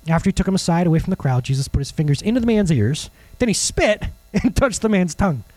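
A man preaching a sermon as a pastor, conversational and animated, with jokes and asides to the congregation. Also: sits high, quick pace, dry recording, low-quality recording.

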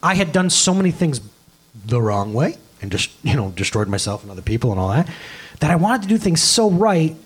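Male pastor, thirties, casual animated sermon, fairly high husky voice. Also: brisk. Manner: animated, conversational preaching with acted-out quotes.

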